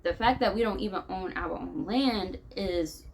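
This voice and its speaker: With a creaky, slightly mellow voice of medium pitch at a normal pace, this American woman vents on her vlog. The rough recording carries some hiss or hum, and her unscripted talk wanders and doubles back.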